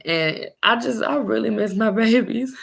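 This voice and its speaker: Slow, gravelly-voiced young woman. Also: fairly high pitch. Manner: halting, searching for words, trailing off. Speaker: mother telling her own story. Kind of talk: personal vlog storytelling.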